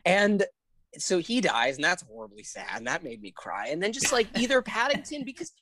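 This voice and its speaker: A woman co-hosting a podcast in casual chat, gushing and excitable, often laughing and swearing. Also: on the low side, brisk, crowd noise. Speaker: podcast co-host.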